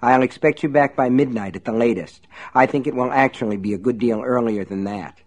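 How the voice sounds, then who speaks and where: A man reading aloud and voicing a sinister male shopkeeper who speaks in a smooth, amused, reproving way. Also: mid-range voice, fairly quick, natural voice. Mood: coaxing menace.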